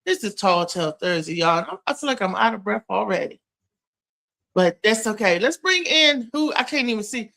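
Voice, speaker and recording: A woman hosting a casual live-stream chat at home, animated, with loud exclamations. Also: medium pitch, normal speed, creaky. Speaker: host.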